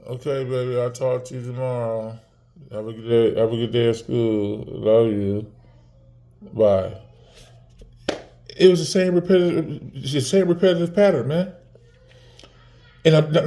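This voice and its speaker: A man in his forties with a mid-range, dark-toned voice vlogs casually to the camera. He's heated and profane, repeating words and restarting often.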